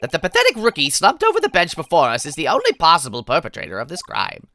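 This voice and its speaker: A cold, scornful prosecutor from a courtroom game, looking down on his rival. A man reads him out in a bright, lively voice, proud and cutting. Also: fairly high pitch, fast, dry recording, full character voice.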